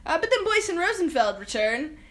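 Brief: high, bright-voiced woman podcast co-host, wry, breezy film recap. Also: sing-song. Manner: wry, quotes characters in quick voices. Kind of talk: casual chat.

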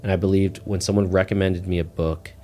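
Low-voiced man telling a casual story. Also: brisk. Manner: relaxed, rambling, heavy use of "like" fillers. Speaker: guest sharing a testimony.

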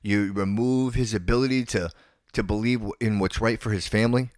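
A man with a lowish voice hosts a podcast and delivers an indignant, opinionated rant. He often stammers, repeats his words and restarts his sentences. The recording is dry and close. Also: fairly even intonation, fairly quick, darkish tone, no room sound. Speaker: podcast host.

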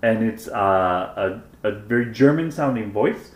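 Podcast co-host, man in his forties from Wisconsin, animated storyteller, echoey room. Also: on the low side, measured pace. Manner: animated, swearing, self-mocking storyteller. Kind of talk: casual chat, storytelling. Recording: roomy echo.

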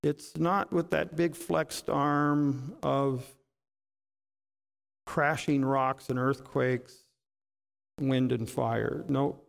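Slow, gravelly-voiced preacher man. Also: mid-range voice. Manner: dramatic, rhetorical questions, swings between loud bursts and hushed asides. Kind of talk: sermon.

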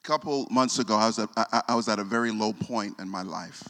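A man, preaching a sermon and telling a personal story, often repeating himself and dropping soft when moved. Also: on the low side, fast talker. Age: 40s. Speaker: pastor. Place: church sanctuary. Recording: long hall reverb.

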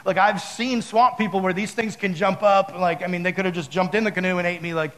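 A man with a fairly high voice gives a relaxed, chatty sermon full of fillers and asides. He acts out his own stories with loud, high bursts of mock panic. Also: fairly quick, poor audio. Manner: talks straight to the audience with many fillers. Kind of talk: casual sermon with storytelling.

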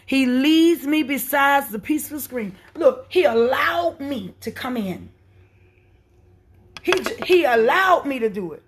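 A woman preaching a sermon, swinging from soft, quiet lines to impassioned shouting. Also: high voice, lively intonation, a little slow.

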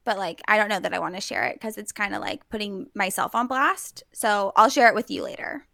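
A woman's voice: medium pitch, lively intonation, fairly quick, gravelly, a bit bright, no room sound, clean studio sound. A woman co-hosting a podcast in casual chat, upbeat and full of trendy slang. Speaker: podcast co-host.

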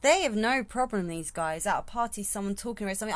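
A woman's voice: medium pitch, expressive, fast talker, no room sound. A woman hosting her podcast in a casual, rambling solo talk, thinking aloud as she goes. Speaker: podcast host.

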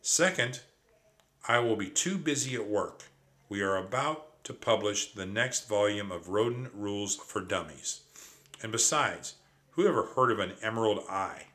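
A man voicing a fussy, nervous grown male mouse in a storybook read-aloud, with high-strung, flustered outbursts. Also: lively intonation, unhurried, sharp tone. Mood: indignant.

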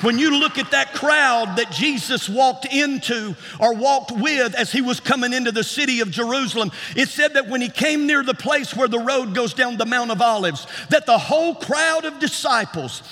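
A man preaching a sermon in a rhythmic style that climbs to shouts and repeats words for emphasis. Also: very high-pitched, normal speed, hardly any pauses, some chatter behind. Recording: long hall reverb.

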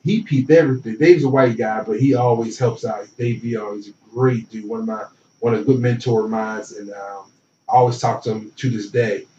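Speaking a little fast at medium pitch, a young interview guest animatedly tells casual anecdotes about growing up in a small town, slipping into the voices of the people he describes. The room is roomy and he's somewhat distant from the mic. His sound is dull and muffled, with slight background noise.

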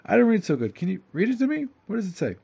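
A man's voice: sits high, very animated, very fast, vocal fry, darkish tone, breathy edge, voice pushed up, exaggerated voice. A man doing a giddy, overjoyed simple fellow. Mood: pleading. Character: overjoyed simple man, bursting with eager energy.

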